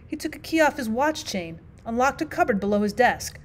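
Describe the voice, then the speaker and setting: A woman teacher reading a classic short story aloud as audiobook narration, measured and expressive. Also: a little high.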